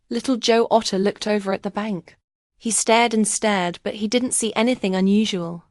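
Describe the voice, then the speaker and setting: A woman narrating a classic animal storybook in a gentle, even reading voice. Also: mid-range voice, moderate pace, no echo, clean studio sound.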